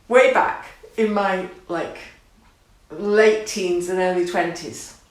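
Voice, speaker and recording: A woman's voice: lowish voice, slow pace. A middle-aged woman speaks to camera about her own life, reflective and earnest, and at times she laughs and grows emotional. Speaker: art course host. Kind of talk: personal talk to camera. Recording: very echoey room.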